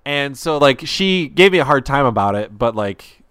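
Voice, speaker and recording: A man's voice: mid-range voice, expressive, normal speed, fairly bright tone, smooth, no echo, clean studio sound. A young man telling a story in a casual podcast chat, rambling and self-deprecating with lots of fillers.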